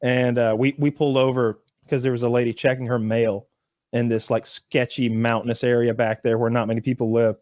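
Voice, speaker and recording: A man in his thirties on a podcast, telling a story in a casual, animated way and jumping up in pitch when he acts out voices. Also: a little fast, no echo, clean studio sound. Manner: animated storyteller who jumps high acting out voices.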